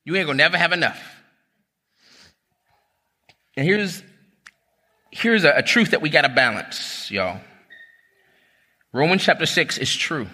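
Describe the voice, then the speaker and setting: A man in his thirties preaches from the pulpit, his voice very bright and ringing. He talks to the congregation like a friend, shifting between storytelling and exhortation. A long church-hall reverb trails his words. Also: a little high, a little slow, long pauses, breathy edge. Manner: storytelling, animated and conversational, addresses the crowd as y'all. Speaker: pastor. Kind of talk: sermon.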